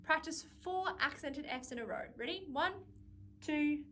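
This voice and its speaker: A woman's voice: high-pitched, measured pace, a bit bright. A woman music teacher leading a guided practice lesson, patiently explaining and counting out beats. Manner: patient, counts and sings note names aloud.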